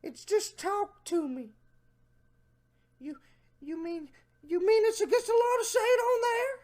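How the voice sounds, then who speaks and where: A man putting on a high, whiny, nervous voice of an evasive adult man. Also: a little slow, darkish tone.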